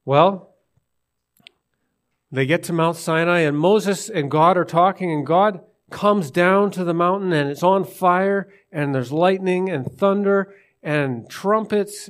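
A man's voice: a little high, unhurried. A man preaching to his congregation, retelling a scripture story and asking listeners questions. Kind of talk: sermon.

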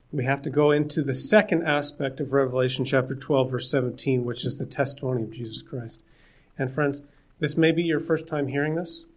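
A man preaching a sermon in an earnest, conversational way, with jokes and asides to the listeners. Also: mid-range voice.

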